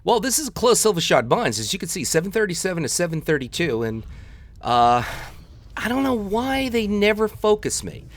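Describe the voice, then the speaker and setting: A man's voice: high voice, very animated, normal speed. A man in his thirties from the New York area, casually telling a story and talking viewers through his gameplay in a chatty, rambling, teasing way. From New York area, United States. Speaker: gameplay commentator.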